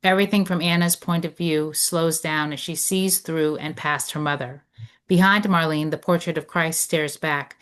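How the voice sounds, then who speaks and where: Low-voiced woman reading stage directions. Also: fairly even intonation, fairly bright tone. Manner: measured, descriptive. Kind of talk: script read of stage directions.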